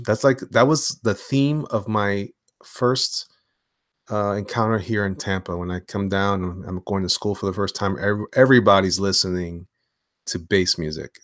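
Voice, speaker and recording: A man hosting a casual live stream from his home studio while drawing, talking in slang and swinging between hyped greetings and low mumbles. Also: normal speed, no echo. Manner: animated, slangy, hyped one moment and mumbling low the next. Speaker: livestream host and comic illustrator.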